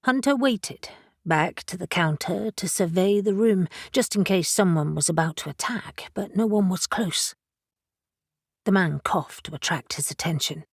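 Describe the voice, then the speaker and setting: A woman narrating a fantasy audiobook in a measured, even way. Her voice is low and husky, and the recording is close and dry with no room sound. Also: no room sound. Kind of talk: scripted narration.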